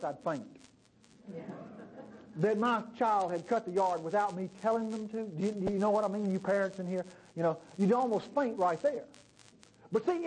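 A man's voice: high voice, warm tone, poor audio. A male pastor preaching a sermon in a conversational way, often asking the congregation questions.

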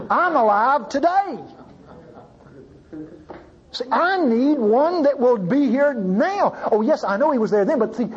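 Brief: male preacher, husky, animated sermon delivery, dull muffled recording. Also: very high-pitched. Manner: animated, pleading, swings from loud to hushed.

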